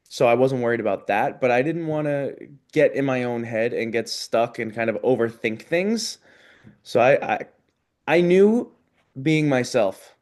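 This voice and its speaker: A man's voice: medium pitch, darkish tone. Earnest man telling his story. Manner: earnest, talks through his thoughts with restarts. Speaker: interview guest, competition show contestant. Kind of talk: casual interview chat.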